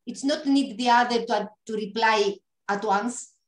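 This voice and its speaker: A woman hosting an interview, agreeing warmly with her guest and asking questions in slightly non-native phrasing. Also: on the high side, a little slow, reverberant, rough recording. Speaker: interview host. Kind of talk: conversational interview.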